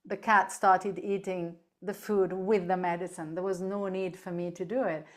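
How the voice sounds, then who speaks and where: A woman speaking as a podcast guest on animal end-of-life care, telling lively stories, laughing easily and often checking in with "right?". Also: fairly low pitch, normal speed. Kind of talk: casual interview chat.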